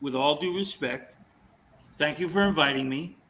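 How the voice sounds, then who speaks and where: A man's voice: fairly high pitch, moderate pace, slight background noise, rough recording. A man telling a story in casual chat, acting out what people said to him. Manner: animated storyteller, acts out quotes.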